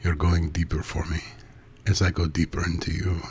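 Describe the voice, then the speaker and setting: A man voicing a commanding but gentle male lover, who speaks low and kind in a gravelly voice with a slow, hypnotic cadence. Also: level tone, slight background noise.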